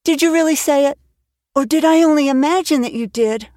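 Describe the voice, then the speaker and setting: A woman's voice: high-pitched, a little fast, mellow, dry recording, clean studio sound, pitched above the performer's own voice, lightly acted. A woman voicing an eager, imaginative orphan girl of about eleven who talks breathlessly and passionately. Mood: breathless hope.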